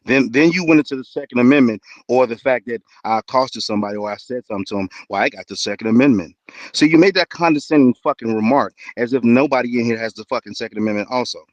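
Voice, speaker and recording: A man's voice: mid-range voice, quick pace, dry recording, highs cut off. A man arguing angrily on an online call, confrontational and heavy on profanity. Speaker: debate panelist. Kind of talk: heated online debate.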